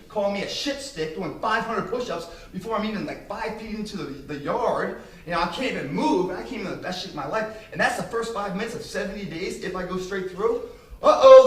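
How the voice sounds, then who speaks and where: A man with a high-pitched voice delivers a motivational speech, swearing freely as he tells blunt personal stories. He is picked up from a distance in a roomy hall, with a faint hiss of noise beneath him. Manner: profane, storytelling, emphatic. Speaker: invited speaker.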